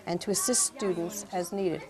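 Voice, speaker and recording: A woman with a fairly low voice narrates footage from a school in a measured, explanatory way. Lively classroom chatter runs clearly underneath her. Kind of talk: voice-over narration.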